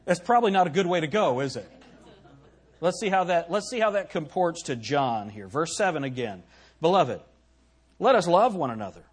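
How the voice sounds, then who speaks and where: Male pastor, sermon, somewhat high husky voice, emphatic, asks the room questions. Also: lively intonation, a little fast. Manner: reads scripture in old-fashioned wording.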